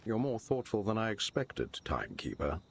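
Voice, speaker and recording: A man doing a deep British gentleman. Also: big pitch swings, moderate pace, slightly rough, heavily acted. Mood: measured.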